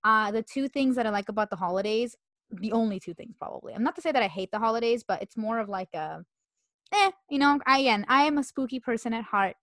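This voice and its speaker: Chatty woman podcaster with a cold, fast, slightly high voice. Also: fairly bright tone, no echo, studio quality. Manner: chatty, rambling, giggly. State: sniffly from a cold. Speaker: podcast co-host. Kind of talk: casual chat.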